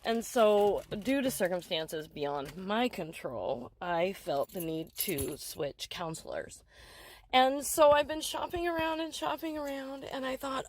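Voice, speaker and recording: A woman's voice: mid-range voice, animated, a little slow, poor audio. A middle-aged woman talking to the camera in a rambling, agitated rant about a bad appointment. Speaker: vlogger.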